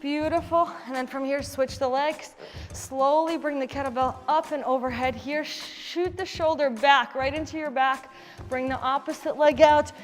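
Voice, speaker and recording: A high-pitched woman leads a kettlebell workout class, calling out counts and cues while she demonstrates the moves. Her voice rings with a long reverb, and faint music plays underneath. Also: fairly even intonation, normal speed. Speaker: fitness instructor. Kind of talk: live workout class coaching.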